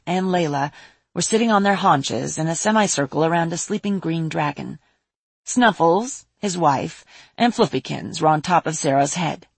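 A woman reading a fantasy audiobook in an even, measured, breathy voice. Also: on the low side, no room sound. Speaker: narrator. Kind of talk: audiobook narration of a fantasy story.

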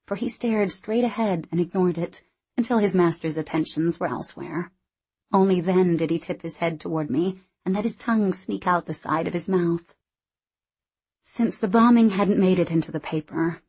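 A woman narrating an audiobook in a measured, wry way. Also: on the low side, a little mellow, slightly rough.

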